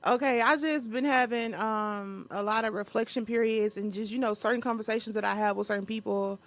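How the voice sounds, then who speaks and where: A woman's voice: fairly high pitch, steady tone, fairly quick. A young woman hosting a solo podcast, talking off the cuff in a blunt, profane way and laughing often. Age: young adult. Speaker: podcast host. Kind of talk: unscripted solo podcast monologue.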